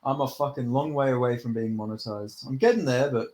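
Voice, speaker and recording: A man's voice: medium pitch, fairly quick, darkish tone. Chill american guy on a podcast, laughs a lot, swears, mid voice. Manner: laid-back, laughing, swearing banter. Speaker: podcast co-host. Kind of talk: casual chat.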